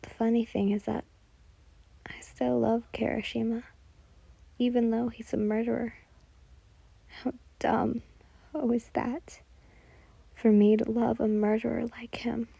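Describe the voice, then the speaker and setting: A woman's voice: a little high, completely flat delivery, slow, gravelly, long pauses, breathy edge, no room sound, pitched above the performer's own voice, heavily acted. A woman voicing a distraught young female student who sobs and cries out in guilt, in a spoken fan story. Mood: heartbroken. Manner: sobbing, crying out loud.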